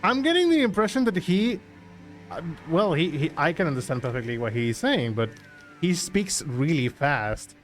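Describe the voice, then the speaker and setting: A man's voice: fairly high pitch, very animated, normal speed, soft background music. A man streaming a game, chatting casually with viewers in a rambling, self-conscious way. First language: Spanish. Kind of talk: casual live-stream chat.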